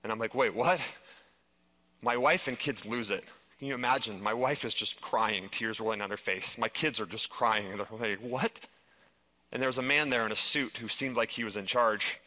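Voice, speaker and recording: A man giving a live stage presentation, telling a personal story in an animated way and saying "like" a lot. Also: on the low side, a little fast. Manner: animated storytelling, heavy use of "like". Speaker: conference speaker.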